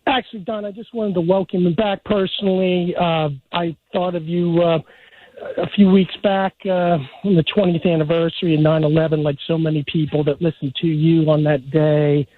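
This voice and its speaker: A man calling in to a radio show, earnest and halting, with many fillers. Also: on the high side, flat delivery, no echo. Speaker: caller. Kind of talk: phone call to radio show. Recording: tinny phone line.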